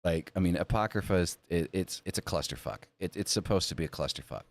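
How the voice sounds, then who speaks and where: A laid-back American man hosting a podcast, his voice sitting very low. He talks loosely, drops curse words freely and laughs often between thoughts. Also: quick pace. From United States. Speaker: podcast host. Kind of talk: casual chat.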